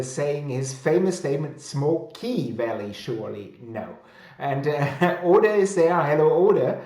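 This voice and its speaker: A man's voice: mid-range voice, mellow. Man, German accent, host, casual chat, reads viewer comments, echoey room. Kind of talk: casual live-stream chat.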